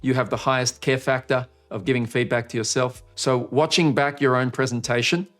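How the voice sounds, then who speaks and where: A man giving a live online coaching session to camera, talking in an energetic way with sudden jumps in pitch to make a point. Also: brisk, faint music behind. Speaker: marketing coach. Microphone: speaking to camera.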